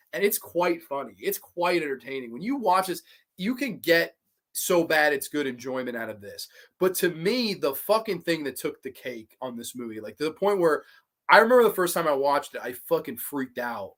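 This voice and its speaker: Male streamer, casual horror-review host, swears freely, excitable, banters with chat. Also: sits high. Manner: profane, excitable, reacts to chat. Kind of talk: casual livestream commentary.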